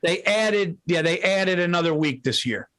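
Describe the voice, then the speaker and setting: A man co-hosting a casual podcast, talking in an excitable, profane, rapid-fire way. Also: high voice, poor audio. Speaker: podcast co-host.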